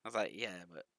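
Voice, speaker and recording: A man's voice: on the low side, vocal fry, pushed and bright, no echo. A man bantering casually and chuckling while co-streaming a video game. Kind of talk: casual chat over gameplay.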